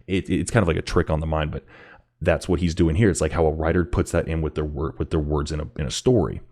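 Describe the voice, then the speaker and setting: A man hosting a music reaction video, talking casually with lots of restarts and repeated words, climbing higher whenever something thrills him. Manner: excited, halting, repeats words, rises in pitch when thrilled.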